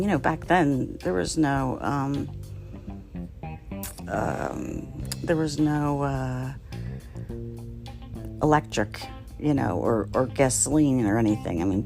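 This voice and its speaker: A woman's voice: a bass voice, expressive, takes it slowly, vocal fry, long pauses, darkish tone, faint music behind. A middle-aged woman from the Philadelphia area telling a family story casually, rambling with fillers and laughing often. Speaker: storyteller, podcast host.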